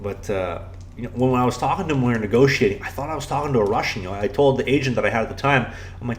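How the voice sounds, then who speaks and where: A man's voice: mid-range voice, rapid-fire, slight background noise. A young man, a podcast co-host and pro hockey goalie, telling rambling stories in casual chat, full of "you know" and restarts.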